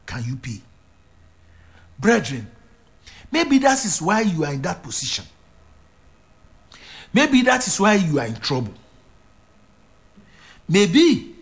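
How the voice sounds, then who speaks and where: A man preaching a sermon, emphatic and repetitive, swinging from loud declarations to hushed lines. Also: high voice.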